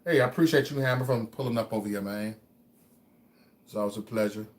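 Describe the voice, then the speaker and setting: A man hosting a livestream, giving a motivational talk to his chat. He repeats phrases over and over and stammers on single words, swinging between hushed musing and loud preaching. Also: lowish voice, brisk. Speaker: livestream host.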